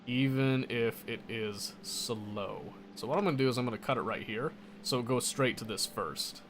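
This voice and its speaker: A man's voice: mid-range voice, normal speed, a bit bright, slight background noise. A man casually commenting on his own gameplay, muttering to himself and correcting his mistakes as he goes. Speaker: gameplay streamer.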